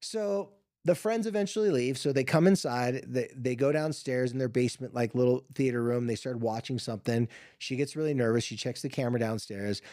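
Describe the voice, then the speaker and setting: A man hosting a podcast, retelling a family story in a casual, lively way with filler words and quoted voices. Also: medium pitch, a little fast, few pauses, no echo, studio quality. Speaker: podcast host. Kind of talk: storytelling monologue.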